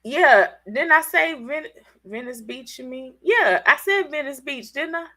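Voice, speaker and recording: A woman's voice: high voice, a little slow. Chatty woman with a stuffy cold. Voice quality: country-sounding speech. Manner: chatty, animated, talks straight to viewers. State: congested from a cold. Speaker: livestream host. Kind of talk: casual livestream chat.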